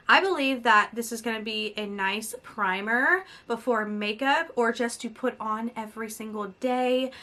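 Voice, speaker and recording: A woman's voice: on the high side, bright, forceful tone. A thirty-year-old woman vlogging casually about beauty products, reading product blurbs aloud and adding chatty asides.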